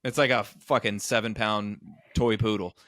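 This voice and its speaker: A man co-hosting a podcast, telling an animated story in a casual chat. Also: normal speed, no room sound, clean studio sound. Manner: animated storyteller, acts out quoted people in higher voices. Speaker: podcast co-host, comedian.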